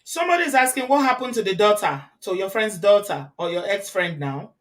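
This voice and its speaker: A woman's voice: mid-range voice, expressive, brisk. A woman hosting an interview, reacting with exclamations and passing on viewer questions. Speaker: host. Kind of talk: interview chat.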